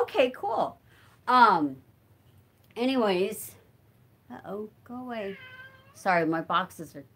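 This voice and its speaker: A woman's voice: mid-range voice, bright, forceful tone, slightly rough. A middle-aged woman hosting a casual livestream, chatting with viewers and answering comments while she crafts, rambling and thinking aloud with lots of fillers. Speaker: livestream host.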